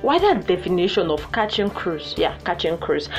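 A woman's voice: normal speed, hardly any pauses. Playful woman hosting a podcast. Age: young adult. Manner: playful and animated, with sudden excited high exclamations. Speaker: podcast host. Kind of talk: casual solo podcast chat. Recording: muffled lo-fi with faint music.

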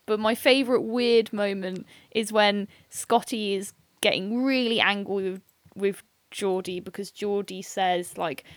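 A woman co-hosting a casual podcast, animated and jokey, swearing freely in banter. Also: mid-range voice, measured pace, few pauses, dry recording. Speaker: podcast co-host. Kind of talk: casual chat about a TV episode.

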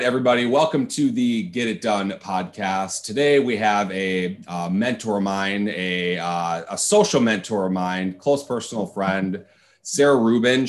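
A man hosting a podcast interview, speaking in a halting way with lots of filler words. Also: on the low side. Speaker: podcast host. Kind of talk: casual interview chat.

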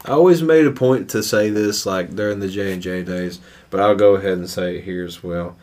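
A man's voice: sits low, a little fast, a little mellow. A man with an Appalachian accent co-hosting a podcast in blunt, profane casual chat. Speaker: podcast co-host.

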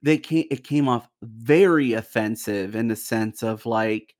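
A man's voice: medium pitch, unhurried, few pauses, a little mellow. A man in a casual movie discussion, talking animatedly and acting out lines in quoted voices.

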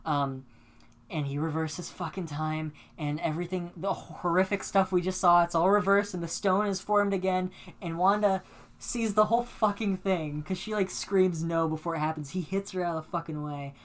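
Woman co-host with a low voice and a worked-up, swear-heavy recap style for casual podcast chat. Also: moderate pace. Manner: animated, profane storytelling with dramatic reenactments.

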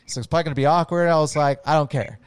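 A man's voice: on the high side, rapid-fire, clear, resonant tone, no room sound. A man telling a long story in casual chat, rambling with lots of "like" and "dude" and casual swearing.

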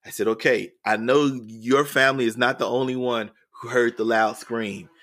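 Male educator guest, earnest storyteller, mid-pitched, repeats himself as he builds. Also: steady tone, moderate pace, a bit bright. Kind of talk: storytelling in a podcast interview.

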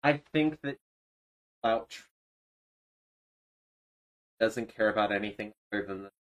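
A man's voice: fairly low pitch, a little slow, muffled recording. A man co-hosting a podcast, chatting casually in a rambling, profane way that often trails off. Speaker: podcast co-host. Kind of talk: casual commentary chat.

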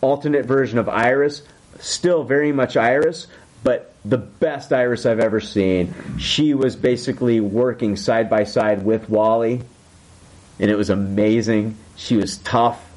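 Male podcast host, casual recap, excitable and profane. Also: mid-range voice, unhurried. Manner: excited, swears a lot, acts out quotes. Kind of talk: casual chat.

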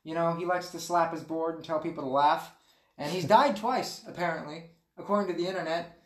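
A man's voice: fairly high pitch, fairly quick. Chatty man in an echoey room. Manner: rambling, laughs often. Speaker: podcast co-host. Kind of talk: casual chat.

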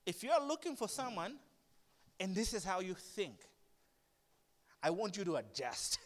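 Guy preaching, high voice, goes quiet then gets loud and worked up, big echoey church hall. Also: unhurried, pauses often. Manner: animated, swings from hushed to loud. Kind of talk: sermon. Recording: long reverb of a large hall.

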